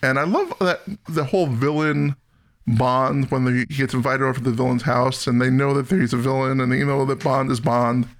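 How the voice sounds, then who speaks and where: A man hosting a casual film-review podcast, animated, laughing often and acting out scenes. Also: mid-range voice, normal speed. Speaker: podcast host.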